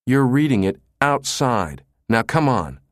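A man voicing a nervous, flustered male aide who stammers and sounds high-strung. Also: big pitch swings, measured pace, dry recording, studio quality. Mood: anxious.

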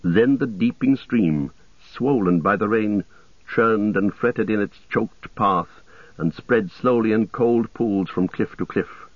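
Man, audiobook narrator, steady, measured, dry, tinny radio-like sound. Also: lowish voice, no room sound.

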